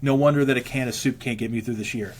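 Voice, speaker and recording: Husky man telling his story, rambling. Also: medium pitch, fairly even intonation, fast, darkish tone. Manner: rambling, earnest, many restarts and fillers. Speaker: interview guest, musician. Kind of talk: candid storytelling interview.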